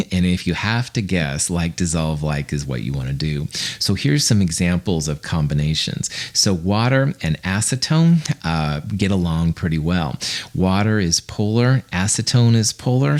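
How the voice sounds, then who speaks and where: Low-voiced male chemistry lecturer. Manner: relaxed, conversational explaining with fillers and asides. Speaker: chemistry instructor. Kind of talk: recorded online lecture.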